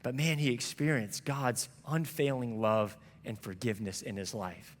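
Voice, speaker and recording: A man's voice: mid-range voice, steady tone, normal speed, big-room sound. A man preaching a sermon as a pastor, telling a story in a conversational, earnest way. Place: church sanctuary.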